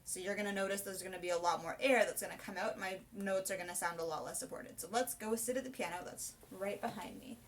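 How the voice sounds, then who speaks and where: A woman's voice: mid-range voice, fast talker, few pauses, a little hiss or hum. A young woman, a soprano singing teacher, chatting through a casual vocal lesson in an explanatory way. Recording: voice from a distance, piano behind.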